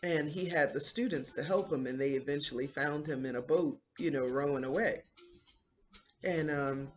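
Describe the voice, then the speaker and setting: A woman's voice: deep voice, slight background noise. A woman hosting a video who retells a series in a casual, rambling way, with many fillers. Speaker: video host. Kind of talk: casual show recap.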